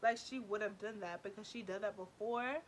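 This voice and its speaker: Young woman vlogger, mid-pitched voice, emphatic and animated storyteller. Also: moderate pace, slight background noise. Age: 20s. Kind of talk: storytime vlog.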